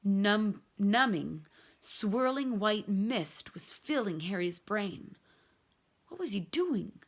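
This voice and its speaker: A woman reading a novel aloud in an expressive, dramatic storytelling manner. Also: medium pitch, takes it slowly. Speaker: reader.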